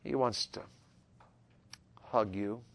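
A middle-aged man, preaching a sermon to young people in an earnest voice that swings from loud urging to hushed tenderness. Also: fairly low pitch, fairly even intonation, slow pace, gravelly. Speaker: pastor.

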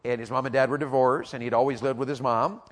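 A middle-aged man preaching a lively sermon, telling a story, acting out voices and asking the congregation questions. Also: medium pitch, quick pace, big-room sound. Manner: animated storytelling, acts out voices, rhetorical questions. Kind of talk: lively sermon with audience call-outs.

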